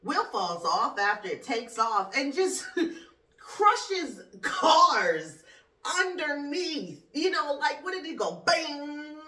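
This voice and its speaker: A podcast host who has a school-age son delivers profane, casual comedy rants punctuated by laughter. Her high-pitched voice is very animated, slow, bright and forceful, recorded with a roomy echo well away from the microphone.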